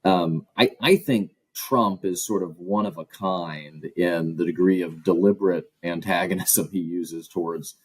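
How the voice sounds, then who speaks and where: Guest academic, male, low husky voice, measured and analytical. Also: no echo, poor audio. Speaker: guest author and professor. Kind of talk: interview answers.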